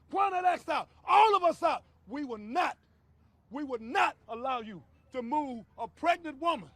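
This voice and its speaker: An older man, a community activist shouting a fervent protest speech and repeating himself. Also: very high voice, dry recording.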